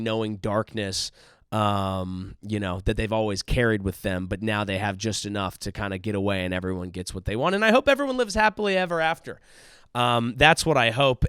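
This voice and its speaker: A man's voice: mid-range voice, a bit bright, clear, resonant tone, no echo, clean studio sound. A male comedian hosting his own show, telling a profane, riffing story as a monologue from a hotel room. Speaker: comedian host.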